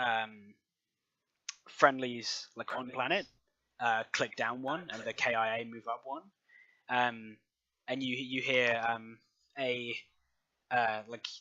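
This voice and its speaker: A man's voice: mid-range voice, sharp tone, dry recording, highs cut off. A man narrating as game master of a tabletop game, rambling with many ums and likes.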